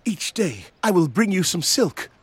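A man voicing a kind and devoted young prince in a children's audio story, with a bright, earnest courtly way of speaking. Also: high voice, sing-song, a little slow, husky, dry recording, exaggerated voice.

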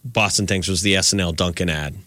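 A man co-hosting a radio morning show, chatting casually and telling animated stories into a studio microphone. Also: low-pitched, fairly quick.

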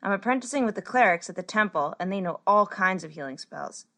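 Woman reader doing a shy healer girl for a storybook, soft, gentle, mid pitch. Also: expressive, fairly quick. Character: shy kind young female healer apprentice.

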